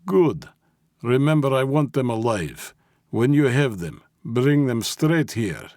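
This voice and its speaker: A man doing a forceful, menacing mob boss. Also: mid-range voice, very animated, takes it slowly, dry recording, studio quality, voice pushed up. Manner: forceful, clipped orders.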